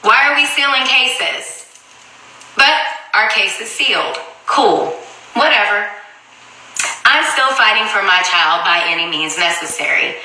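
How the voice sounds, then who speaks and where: A woman's voice: medium pitch, expressive, unhurried, long pauses, pushed and bright. A woman giving a heated personal account in an interview, speaking bluntly and profanely and firing off rhetorical questions. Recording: very echoey room.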